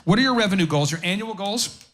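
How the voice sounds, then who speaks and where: High, bright-voiced man giving a lively seminar. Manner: fast, jokey, riffing asides and audience questions. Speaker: business conference speaker. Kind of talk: energetic live seminar talk. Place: conference auditorium stage.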